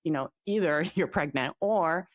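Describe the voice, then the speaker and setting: A young woman with a low speaking voice talks eagerly as a podcast guest, leaning on casual fillers. The sound is dry and close to the mic. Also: measured pace, no room sound. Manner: chatty, fillers of "like", enthusiastic. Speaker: guest, fertility app CEO.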